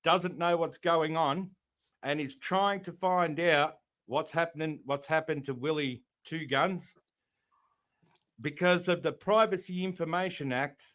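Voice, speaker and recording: A man from Australia talks through events on a live-stream panel. His voice sits a little high, and he rambles and restarts as he explains. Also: steady tone, a little slow, fairly bright tone. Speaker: panel guest. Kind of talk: casual live-stream chat.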